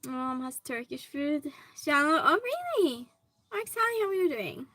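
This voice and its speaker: Stream host, woman, fairly high bright voice, friendly chat with viewers from her hobby room. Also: big pitch swings, unhurried, no echo, low-quality recording. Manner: chatty, greets viewers by name. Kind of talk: casual chat reading viewer comments.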